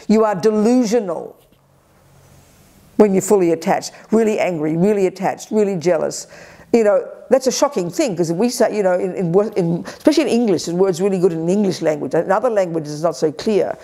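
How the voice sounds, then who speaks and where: An older woman teaching at a Buddhist retreat, energetic and emphatic, acting out people's inner voices. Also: medium pitch. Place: retreat center hall.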